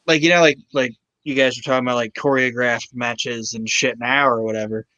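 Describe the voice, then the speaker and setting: A man co-hosting a casual podcast chat, excited and swearing freely as he talks. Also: mid-range voice, dry recording, muffled recording. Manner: excited, swears freely, quotes others in quick put-on voices. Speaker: podcast co-host.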